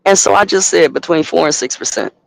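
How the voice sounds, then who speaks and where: A man who owns a trucking company, telling a profane, animated story and acting out both sides of a phone call. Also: fairly high pitch, quick pace, gravelly, dry recording. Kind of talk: casual storytelling to a live audience.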